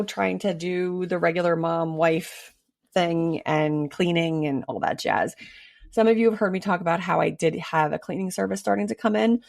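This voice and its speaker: A woman in her thirties hosting a casual solo podcast, slightly raspy and hoarse while recovering from illness, chatty with frequent ums. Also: fairly low pitch, a little mellow, no echo, studio quality. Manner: chatty, frequent ums, laughs between thoughts. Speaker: podcast host.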